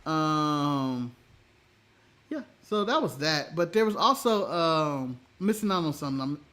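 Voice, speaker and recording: A man's voice: a little high, lively intonation, unhurried, a bit bright. An American man co-hosting a casual wrestling review chat, blunt and often laughing as he talks. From United States. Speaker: co-host.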